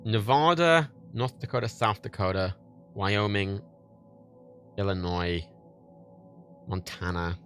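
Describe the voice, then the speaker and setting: A man's voice: on the low side, slow pace, long pauses, fairly bright tone, faint music behind. A young man with a Liverpool accent, rambling and swearing casually on a livestream while reading chat, laughing often. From England.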